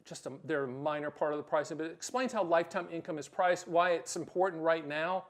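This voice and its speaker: Blunt, punchy man with a high voice. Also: fast talker. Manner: blunt, punchy, emphatic with sudden loud bursts; acts out short quoted exchanges. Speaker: host. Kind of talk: direct-to-camera explainer.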